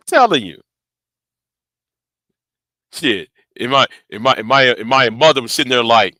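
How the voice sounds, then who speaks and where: A man's voice: medium pitch, expressive, moderate pace, pushed and bright, no echo. A man telling a story casually to camera, rambling, swearing freely and often stumbling and repeating words. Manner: rambling, profane, stammering repeats. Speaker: vlogger.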